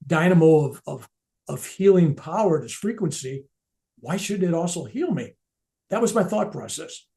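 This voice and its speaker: Older guy, reverend type, storytelling talk, earnest and reflective, slightly high warm voice. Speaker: reverend and speaker at a veterans event.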